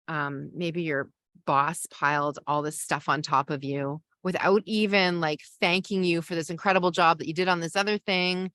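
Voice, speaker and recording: A woman's voice: deep voice, steady tone, moderate pace, fairly bright tone, dry recording, clean studio sound. A woman, a parenting coach and podcast host, teaching a masterclass in a conversational way and explaining with everyday examples.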